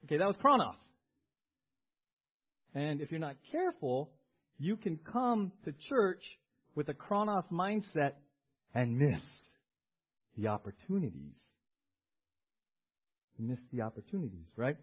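A male pastor preaching a sermon in an animated way, calling on the congregation to repeat words after him. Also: fairly high pitch, measured pace, long pauses, husky, highs cut off.

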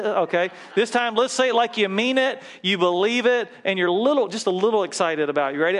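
A man's voice: high voice, a little fast, hardly any pauses, fairly bright tone. A man preaching a sermon as a pastor in a church, leading his congregation in call-and-response and prayer.

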